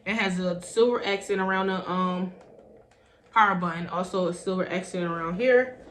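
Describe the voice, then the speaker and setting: A woman's voice: on the low side, moderate pace. A woman chatting casually through a product review, calling on her viewers with "y'all" again and again. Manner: chatty, says "y'all" constantly. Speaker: beauty vlogger. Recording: roomy echo, faint background hum.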